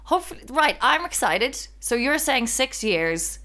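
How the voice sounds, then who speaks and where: A woman's voice: high-pitched, big pitch swings, unhurried, pushed and bright. A woman co-hosting a casual podcast chat, talking chattily with frequent laughs and lots of "like". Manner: chatty, laughs often, full of "like" fillers. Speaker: podcast co-host.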